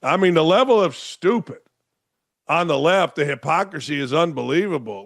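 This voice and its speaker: A male talk show host rants with sarcasm, firing off rhetorical questions. His voice sits a bit high for a man. The room sound is dry and close. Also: lively intonation, normal speed, creaky, a bit bright, dry recording. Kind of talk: opinionated commentary monologue. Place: home studio in Florida.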